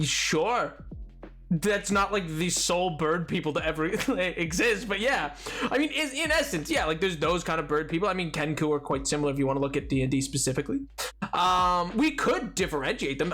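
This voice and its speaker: A man's voice: high-pitched, a bit bright. A man streaming live, chatting casually with viewers in a rambling, self-mocking way and laughing often.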